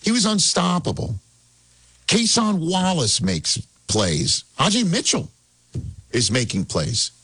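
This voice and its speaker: Excitable man talking sports. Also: a little high, slow, slightly rough, no echo. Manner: animated, excitable, laughs while telling stories. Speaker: sports talk host. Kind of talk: casual sports talk.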